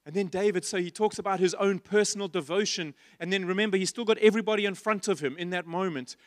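A man's voice: high voice, quick pace, no room sound, clean studio sound. A man preaching a sermon in church, passionate and repetitive, asking his listeners rhetorical questions. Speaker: pastor.

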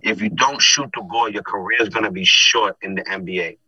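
A man with a very bright, forceful voice and a husky edge, talking in an animated, storytelling way. He is a streetball game announcer who keeps asking his listeners whether they understand. The sound is close and dry. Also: fairly low pitch, fairly quick, no room sound, poor audio. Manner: animated, re-enacts conversations in quoted voices; repeats "you understand?" often. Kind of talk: casual podcast chat.

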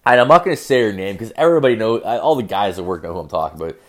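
A man's voice: lowish voice, expressive, racing. A young man telling a profane, rambling story as a rant, full of fillers and crude asides.

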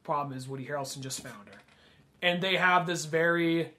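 High-voiced man retelling film scenes. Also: brisk. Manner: animated retelling of movie scenes, acting out lines. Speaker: podcast co-host. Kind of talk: casual film discussion.

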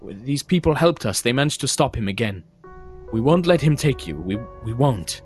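A man voicing a protective young nobleman who reassures his sister in a soft, steady way. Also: mid-range voice, normal speed, breathy edge, soft background music. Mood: soothing. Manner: soothing, reassuring.

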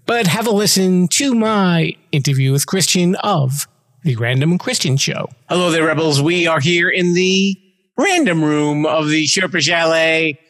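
A male podcast host with a fairly high voice, chatty and full of playful asides. His voice trails off into a long reverb. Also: unhurried, a bit bright. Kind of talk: casual interview chat.

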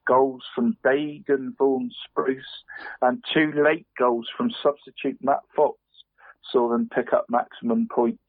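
A man's voice: mid-range voice, fairly even intonation, measured pace, no room sound. A man reading local football results on radio in a rambling, chatty way, calling his co-host "mate". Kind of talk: casual radio sports round-up. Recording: dry, tinny phone-like radio sound.

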